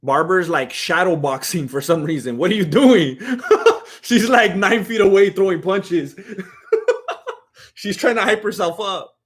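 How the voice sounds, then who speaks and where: A man's voice: high voice, a little slow. Laid-back man chatting on a livestream. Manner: laid-back and slangy, reads chat questions aloud and laughs often. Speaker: fight watch-along streamer. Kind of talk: casual livestream chat.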